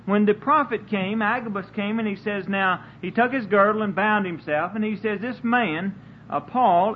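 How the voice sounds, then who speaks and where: A man preaching a sermon in an earnest way, often stumbling and repeating words as he searches for them. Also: sits high. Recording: dull lo-fi recording with faint hiss.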